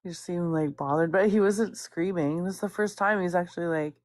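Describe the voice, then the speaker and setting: A woman's voice: lowish voice, a little fast, hardly any pauses, a little mellow, no echo. A woman gossiping casually on a livestream, rambling, swearing freely and laughing often. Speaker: guest chatting on stream.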